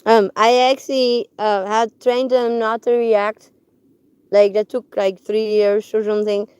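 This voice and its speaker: A woman chatting on a live stream from her parked car, rambling with many fillers and restarts, and softly cooing to her dogs. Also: fairly high pitch, flat delivery, measured pace, clear, resonant tone, no echo. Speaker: livestreamer. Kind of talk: casual live-stream chat. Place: parked car on public land.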